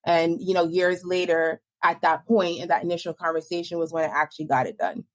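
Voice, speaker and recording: A woman born in the United States, a podcast guest recounting her experience in a relaxed, conversational way. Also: fairly low pitch, a little fast. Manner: relaxed storytelling with many fillers. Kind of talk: casual podcast interview.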